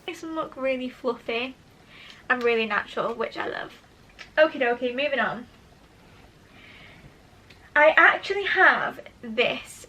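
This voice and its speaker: A young woman talks straight into her camera at home, chatting casually as she tries out make-up. Her voice sits high and bright, and she turns eager and self-mocking as she goes. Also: expressive, unhurried, pauses often, a little hiss or hum. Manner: chatty, self-deprecating, enthusiastic. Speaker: beauty vlogger. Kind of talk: casual make-up tutorial chat. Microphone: camera mic, talking to camera.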